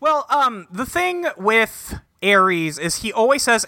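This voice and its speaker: A man casually recapping an anime plot on a podcast, acting out characters' lines in quick voices. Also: extremely high pitch, very animated, sharp tone. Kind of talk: casual chat.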